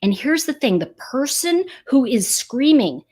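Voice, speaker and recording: A woman's voice: high-pitched, normal speed, hardly any pauses, husky. A woman hosting a live stream, speaking casually and emphatically while reading viewer comments and giving spiritual, energy-focused advice. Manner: animated and emphatic, acts out quoted voices.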